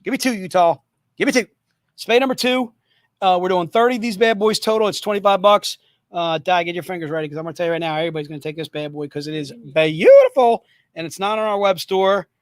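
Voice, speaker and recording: A man's voice: sits high, fast talker, dry recording. A man hosting a livestream sale of comic books, repeating prices and codes in an upbeat, joking manner. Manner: upbeat, repetitive hawking, joking asides. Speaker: host selling comic books. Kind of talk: livestream sales pitch.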